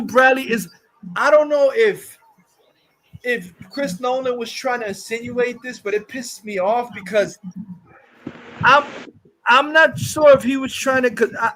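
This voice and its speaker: A man's voice: very high voice, moderate pace, fairly bright tone, rough recording. A man hosting a live stream, rambling through a profane, exasperated movie rant full of restarts and swearing. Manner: exasperated, scoffing. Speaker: host reviewing a movie.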